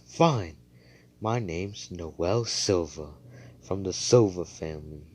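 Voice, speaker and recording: A man's voice: low voice, takes it slowly, a little mellow, slightly rough, exaggerated voice. A man voicing a haughty young royal girl who speaks with curt disdain. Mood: dismissive.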